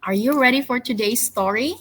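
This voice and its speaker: A woman English teacher leading a storytelling lesson for children, coaxing them with cheerful questions and slow call-and-response word drills. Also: fairly high pitch, rough recording.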